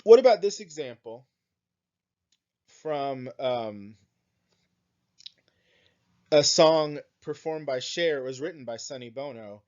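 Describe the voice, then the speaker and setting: Animated yet slightly mellow, his mid-range voice comes through with a lo-fi sound. He's teaching an English class in a recorded lecture, slowly working through poems and song lyrics, reading them aloud and thinking aloud with frequent "right?" and "um."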